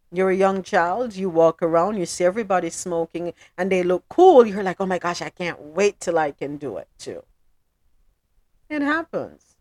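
A woman from South Florida hosting a news-recap podcast. She reads the stories evenly, then turns loud and emphatic when she gives her opinions. Her voice is mid-pitched and recorded dry and close, with no room echo. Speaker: podcast host. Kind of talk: news recap with personal commentary.

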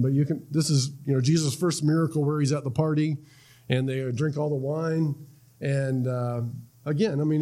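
Conversational male preacher, fairly high voice. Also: a little mellow. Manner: conversational, repeats words, asks "right?" often. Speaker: pastor. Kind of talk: sermon.

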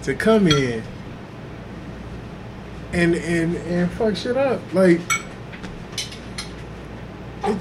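A man chatting on a podcast, speaking emphatically and laughing between points. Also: animated. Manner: slow, emphatic, laughing asides. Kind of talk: casual podcast chat. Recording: background rumble and noise.

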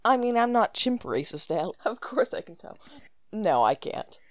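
A woman's voice: mid-range voice, very animated, measured pace, no room sound. A woman co-hosting a podcast who chats casually and throws in jokes and sarcastic remarks. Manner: joking, sarcastic interjections. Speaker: podcast co-host.

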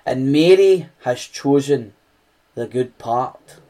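A man with a Scottish accent voicing a calm male teacher who speaks softly and gently. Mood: gentle. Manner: soft, low, slow and gentle.

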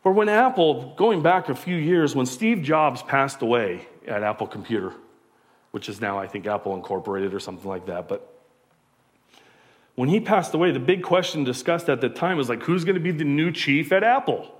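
A pastor, preaching a conversational sermon full of rhetorical questions. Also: male voice, medium pitch, lively intonation, normal speed.

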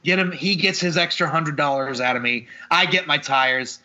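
Exasperated, bright-voiced male podcast host. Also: fairly high pitch, moderate pace, muffled recording. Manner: exasperated, swears freely, animated retelling. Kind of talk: casual storytelling chat.

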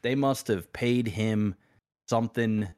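A man's voice: on the low side, slow pace, a little mellow. A man co-hosting a casual podcast chat in a laid-back, slangy way, swearing and using many fillers. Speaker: podcast co-host.

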